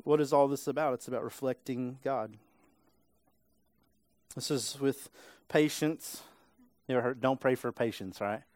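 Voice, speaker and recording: A man's voice: medium pitch, a little slow, darkish tone, no room sound. Man, pastor, conversational sermon, frequent tag questions, dry close mic. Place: church sanctuary.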